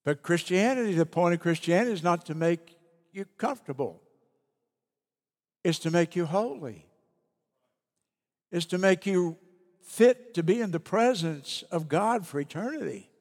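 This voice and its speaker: A man preaching a sermon as pastor, emphatic, slowing down and dropping soft on key phrases. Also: sits high, animated. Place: church sanctuary. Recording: long reverb of a church hall.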